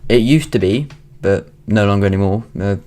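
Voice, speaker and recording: A man's voice: lowish voice, moderate pace, a little mellow. A young man in his late teens from Wales, with a British accent, rambling through a casual vlog monologue with frequent ums and restarts, recorded at home. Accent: British English. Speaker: vlogger.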